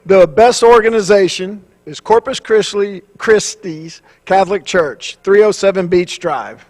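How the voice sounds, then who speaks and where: High-voiced man chairing a council meeting. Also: a little mellow. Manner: halting, many fillers and restarts. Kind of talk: public meeting announcements.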